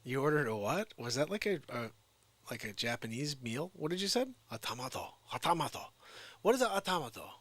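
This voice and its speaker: A man's voice: medium pitch, big pitch swings, fairly quick, fairly bright tone, no echo. A man doing a baffled waiter. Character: baffled male waiter, politely confused.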